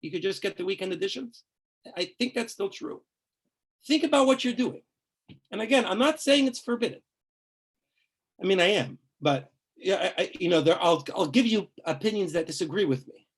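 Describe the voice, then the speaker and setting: A man's voice: sits high, fairly quick, breathy edge. A man, a rabbi, teaching a class on religious law in a conversational, emphatic way, full of asides and rhetorical questions.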